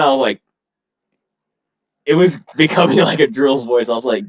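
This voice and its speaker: A man's voice: mid-range voice, expressive, normal speed. Soldier, male, hesitant rambling storyteller, mid voice, muffled lo-fi audio. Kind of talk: casual chat. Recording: dull lo-fi audio.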